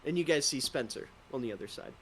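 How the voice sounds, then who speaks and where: Lively, rambling male game master. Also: medium pitch, fast talker, slight background noise. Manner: loose, rambling narration full of "like" and "uh". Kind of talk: narrating a tabletop game.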